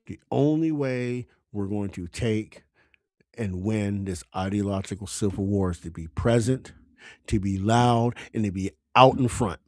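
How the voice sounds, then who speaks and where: A man's voice: fairly low pitch, a little slow, a little mellow, no echo, studio quality. A man giving an impassioned political monologue as a commentator, exhorting listeners with fervent, urgent appeals.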